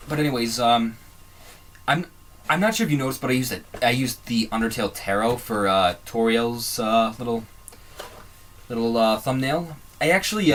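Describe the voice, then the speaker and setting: A man's voice: medium pitch, fairly bright tone, a little hiss or hum. A man hosting a casual fan commentary video, rambling and digressive, often trailing off and restarting his sentences. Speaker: video host.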